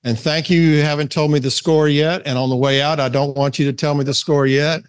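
A man leading a men's Bible study, telling a story with animation and then praying slowly. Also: fairly high pitch, smooth. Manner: animated storyteller, slows down to pray. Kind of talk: storytelling talk and closing prayer.

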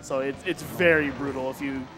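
A man chiming in as co-commentator on a speedrun, chatty and adding quick remarks. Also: medium pitch, fairly even intonation. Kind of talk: casual live commentary. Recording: clear music playing behind.

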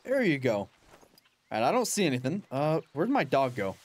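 Chatty animated young man gaming. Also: medium pitch, normal speed. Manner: chatty, animated, talks to his in-game dog, laughs often. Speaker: gaming channel host. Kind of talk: casual gameplay commentary.

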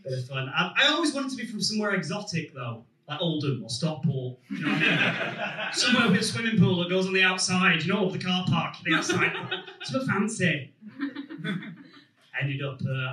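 A young man with a Manchester accent works a comedy stage, his voice high and swinging wildly up and down. He swears freely and sounds bright and edgy. The sound is echoey and picked up from a little way off. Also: a little fast, far from the mic, slight background noise. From England. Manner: animated, swears freely, shouts put-on voices. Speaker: stand-up comedian. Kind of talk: stand-up comedy set.

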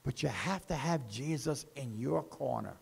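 A man preaching a sermon as pastor, with slow emphasis that rises and falls. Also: mid-range voice, animated, vocal fry, a little mellow, breathy edge.

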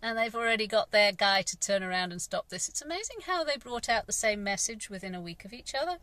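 This middle-aged gardener from England vlogs candidly and meanderingly about her life, with sighs and an occasional curse word. She speaks fast in a medium-pitched voice that is expressive, bright and forceful.

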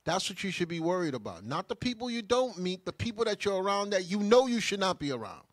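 A man's voice: sits high, very animated, quick pace, dry recording. A man, a deacon, reading viewer comments on a livestream and answering them in an emphatic way that rises to fervent bursts. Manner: emphatic, rising to fervent bursts when stirred. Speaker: deacon answering live chat.

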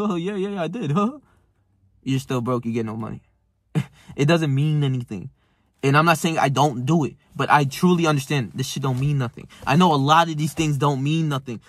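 A man's voice: a little high, a bit bright, dry recording. A young man ranting to camera in a casual motivational vlog, emphatic and profane, calling the listener bro. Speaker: self-improvement vlogger.

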